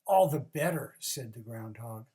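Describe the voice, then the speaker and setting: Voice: mid-range voice, expressive, unhurried, dark tone, recorded from a distance, voice pushed down, close to an everyday voice. A storyteller voicing a wise old male groundhog who speaks kindly and confides advice. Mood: confiding.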